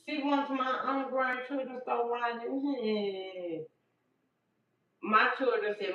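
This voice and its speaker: A woman's voice: fairly high pitch, takes it slowly, a bit bright. An older woman, talking casually to her livestream viewers, emphatic and repeating herself for effect. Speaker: livestream host. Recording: distant, dull, echoey room sound.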